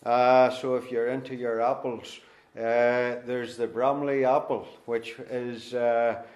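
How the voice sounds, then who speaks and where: A man's voice: mid-range voice, level tone, slow, echoey room. A middle-aged man with a Northern Irish accent, a guest preacher introducing himself in a homely, folksy way before reading scripture. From Northern Ireland. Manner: homely, folksy, with gentle self-deprecating humour. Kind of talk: sermon introduction and Bible reading.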